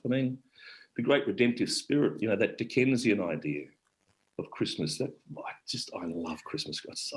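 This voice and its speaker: A middle-aged Australian man, an actor and author, telling family stories in an animated chat, acting out voices. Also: medium pitch, vocal fry, rough recording. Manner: animated storyteller, acts out voices. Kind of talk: storytelling conversation. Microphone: online event call.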